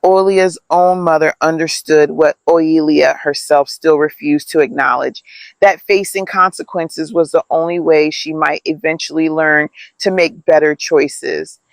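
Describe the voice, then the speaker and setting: A man reads a scripted family story in a steady, even manner. His voice sits a little high and is recorded dry and close, with no room sound. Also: measured pace, creaky, no room sound. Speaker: narrator.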